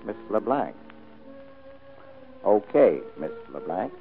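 An actor playing a hard-boiled private detective in a vintage radio drama, terse and dryly wisecracking. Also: male voice, lowish voice, very animated, slow pace, creaky, soft background music, full character voice. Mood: brisk. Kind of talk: 1940s radio acting. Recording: tinny old radio broadcast recording.

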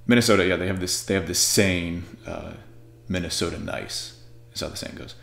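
A man's voice: low-pitched, fairly even intonation, a little fast, creaky, a bit bright, roomy sound. A man from Arizona talking in a rambling, joking casual monologue.

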